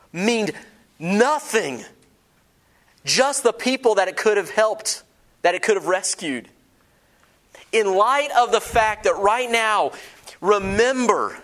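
Dramatic storytelling male pastor. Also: sits high. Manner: dramatic shifts from loud to hushed, storytelling with humor; asks the congregation questions. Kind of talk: sermon.

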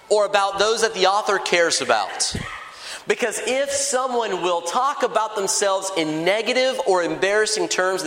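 A man preaching a sermon in a conversational, lively way, acting out little dialogues. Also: high voice. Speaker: pastor. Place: large church hall. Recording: echoey church hall.

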